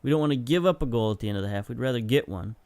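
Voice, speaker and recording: Chatty young man calling game highlights. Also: rapid-fire, no echo. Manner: chatty, excitable on chances, self-correcting. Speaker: gaming video host. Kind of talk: casual play-by-play commentary of a football management game.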